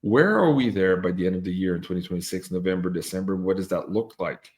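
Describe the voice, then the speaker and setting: A man's voice: sits low, fast, darkish tone. A man hosting an interview, talking casually and animatedly with frequent laughs and fillers. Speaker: host.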